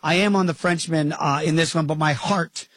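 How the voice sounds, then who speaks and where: A man hosting a fight betting podcast, chatting in a lively, jokey way. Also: fairly high pitch, moderate pace, dry recording. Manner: lively, jokey, does impressions. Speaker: podcast host. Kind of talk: casual podcast chat.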